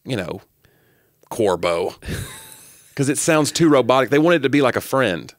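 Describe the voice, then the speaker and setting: A man co-hosting a podcast, telling animated, jokey stories in casual chat. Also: mid-range voice, a little slow, no room sound, clean studio sound. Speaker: podcast co-host.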